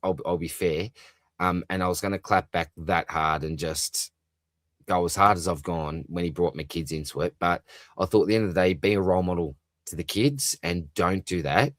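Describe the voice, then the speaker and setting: A deep-voiced Australian man hosts a live stream from home. He reads viewers' comments aloud and answers in a loose, friendly, rambling way, calling everyone mate. The sound is dry and close to the mic. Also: moderate pace, a bit bright, dry recording. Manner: chatty, matey, calls everyone mate, lots of fillers. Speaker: fantasy football livestream host.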